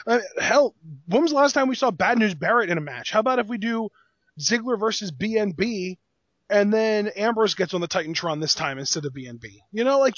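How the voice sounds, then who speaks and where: A man's voice: high-pitched, a bit bright, dry recording. A man co-hosting a casual wrestling review podcast, blunt and exasperated, quizzing his co-host with pointed questions.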